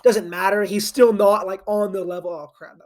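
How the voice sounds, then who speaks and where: Sitting at his desk at home on camera, a young man with a slightly high, darkish voice speaks at normal speed with fairly even intonation. The anime channel host is sleepy and yawning, retelling a story in a loose, looping ramble with plenty of "like" and restarts.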